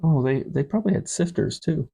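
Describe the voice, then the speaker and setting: A man's voice: a little high, animated, fairly quick, creaky, warm tone, husky. A man co-hosting a casual Bible study chat, explaining scripture plainly and arguing his points. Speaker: co-host of a Bible study podcast.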